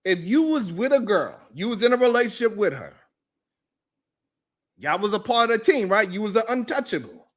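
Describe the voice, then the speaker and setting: A man hosting a live talk show, ranting in animated, profane commentary and repeating himself for emphasis. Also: high voice, moderate pace. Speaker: host.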